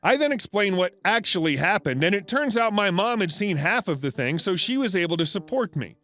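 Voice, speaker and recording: A man narrates online stories in a scripted, storytelling way. His voice sits high and moves lively up and down. Soft music plays faintly behind him. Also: brisk.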